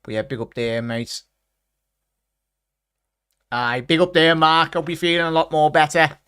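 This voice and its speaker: A man's voice: on the high side, fairly even intonation, measured pace, pushed and bright, clean tone, no room sound, studio quality. A man hosting a football watchalong livestream, chatting casually and greeting viewers by name with "big up" and "mate". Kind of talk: casual live chat reading comments.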